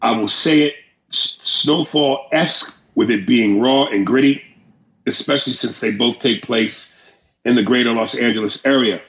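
A man's voice: mid-range voice, normal speed, a bit bright. A man hosting a casual podcast, reading listener messages aloud and joking crudely with plenty of swearing. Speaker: podcast host. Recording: roomy echo.

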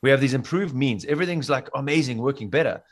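A man's voice: mid-range voice, fast. A man from South Africa with a South African accent, a podcast guest talking in a casual, earnest and rambling way. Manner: earnest, rambling, many fillers and restarts.

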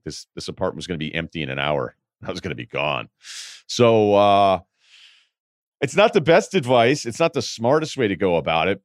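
Deep-voiced and recorded in dry studio quality, a podcast host offers candid, rambling advice in casual chat. He swears now and then and acts out the voices of people he quotes in his anecdotes.

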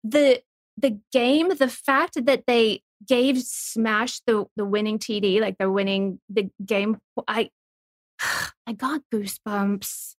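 A woman's voice: fairly high pitch, steady tone, slow pace, no room sound. A woman co-hosting a podcast, chatting enthusiastically and teasing her co-host. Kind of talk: casual rewatch podcast chat.

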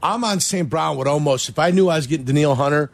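A man's voice: a little high, quick pace, vocal fry, no room sound. A man co-hosting a sports talk radio show, telling stories in an emphatic, chatty way. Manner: storytelling, emphatic.

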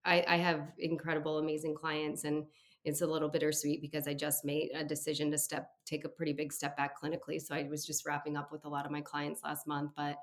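A woman's voice: low voice, monotone, a little fast. A woman in her thirties, a therapist, talking in a casual, reflective interview with lots of fillers. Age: 30s. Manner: warm, reflective, chatty with fillers. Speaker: therapist and podcast guest.

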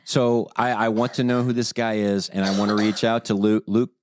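A man's voice: lowish voice, steady tone, moderate pace. A man hosting a family podcast in casual chat, eager and repeating himself with trailing restarts. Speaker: podcast host and songwriter.

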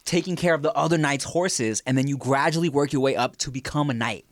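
A young man co-hosting a podcast in casual chat, rambling and swearing, quick to laugh. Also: mid-range voice, no echo, clean studio sound. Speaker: podcast co-host.

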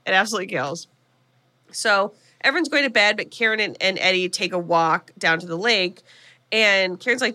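Bright-voiced woman podcast host. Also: medium pitch. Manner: animated, quick voices for characters, swearing. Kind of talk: casual comedic film recap.

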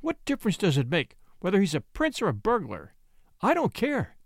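A man's voice: high voice, wildly swooping pitch, normal speed, vocal fry, no echo, clean studio sound, full character voice. A man voicing a dreamy, mournful young woman who speaks with a sighing, wistful manner in a storybook reading.

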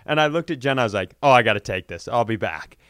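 Clear-voiced man telling a story. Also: medium pitch, fast, dry recording, clean studio sound. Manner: animated, acts out phone voices, laughs mid-story. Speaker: comedy podcast host. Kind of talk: casual storytelling.

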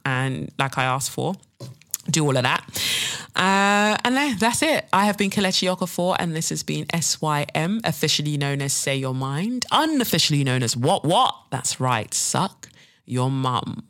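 A woman's voice: low voice, fairly bright tone. A woman hosting a podcast, giving a blunt, sarcastic, profane opinion monologue and mocking others in put-on voices. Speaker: podcast host.

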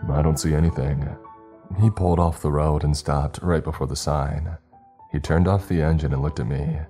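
A man narrating a first-person horror story in a steady, measured, scripted delivery. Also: very deep voice. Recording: faint music behind.

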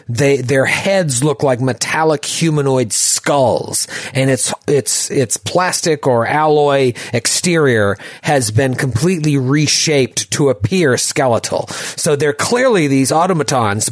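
A young man narrating a tabletop game as game master, animated and laughing often. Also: medium pitch, no echo, clean studio sound.

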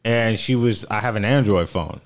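A man's voice: on the low side, normal speed. A man from South Florida telling dating stories in casual chat, acting out the quotes in shifting voices.

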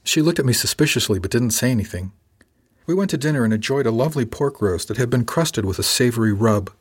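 A man narrating a story in the first person, in a calm, dryly witty manner. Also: medium pitch, fast talker, slightly rough. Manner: calm, dry wit. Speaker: audiobook narrator.

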